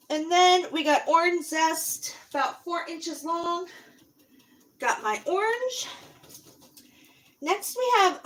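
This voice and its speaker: A woman's voice: extremely high pitch, a bit bright. A woman hosting a casual cooking livestream from her home kitchen, rambling to her viewers as she works and now and then stepping away from the mic. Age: adult, parent. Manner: chatty, rambling, talks to viewers while cooking; moves around, sometimes steps away from the mic. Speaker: cooking channel host.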